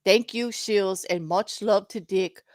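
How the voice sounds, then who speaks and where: In clean studio sound with no echo, a woman with a South African accent reads donor messages on a live stream she co-hosts. She speaks slowly in a mid-range voice, laughing easily as she chats casually.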